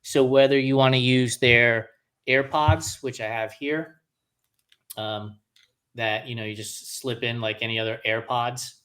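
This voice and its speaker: A man's voice: medium pitch, steady tone, measured pace, a bit bright, smooth. A middle-aged man co-hosting a podcast, chatting casually, laughing often as he reads out listener song picks. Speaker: podcast co-host. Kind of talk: casual chat.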